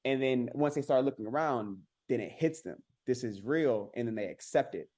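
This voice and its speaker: A man telling his own story as a podcast guest, earnest and halting, with many repeated words and restarts. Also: medium pitch, animated, darkish tone. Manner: rises sharply when mimicking others. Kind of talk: candid personal storytelling.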